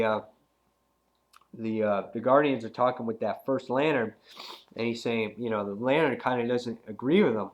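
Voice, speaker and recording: A young man with a cold, reviewing a comic book in a rambling, slangy, excitable way. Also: medium pitch. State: has a cold. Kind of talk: casual video review.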